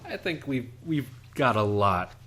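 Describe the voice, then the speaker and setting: A man co-hosting a podcast, joking and swearing casually in relaxed chat. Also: medium pitch, a little slow. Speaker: podcast co-host.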